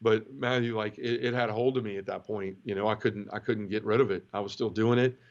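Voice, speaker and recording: A middle-aged man from the southern United States, giving an emotional personal testimony in an interview, halting and full of restarts. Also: lowish voice, steady tone. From Memphis area, southern United States. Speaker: guest. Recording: dull lo-fi audio.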